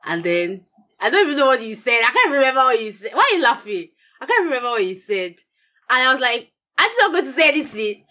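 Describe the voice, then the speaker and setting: A woman in a casual chat with her husband. She is chatty and teasing, and her pitch jumps up when she presses a point. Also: big pitch swings, quick pace, bright, forceful tone. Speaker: podcast co-host, married to the other speaker.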